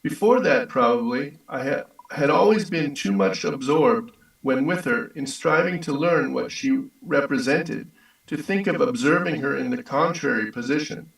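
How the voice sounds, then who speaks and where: Male reader, measured, gravelly tone, distant mic, heavy room echo. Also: mid-range voice. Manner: steady, measured reading. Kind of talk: reading a text aloud.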